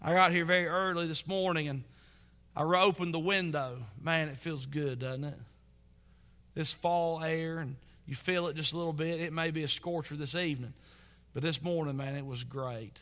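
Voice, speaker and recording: A man preaching a sermon in a church as pastor, earnest and building to fervent emphasis, then dropping to soft asides. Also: fairly high pitch, normal speed.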